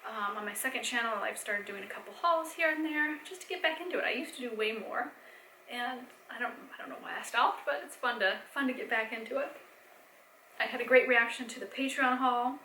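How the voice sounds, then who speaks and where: Young woman, bright higher voice, chatty rambling home vlogger, echoey room. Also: a little fast, a little hiss or hum. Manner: chatty, rambling, with fillers and soft laughs. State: pregnant, a bit tired. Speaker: vlogger and mom. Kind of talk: casual chatty vlog. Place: home, indoors.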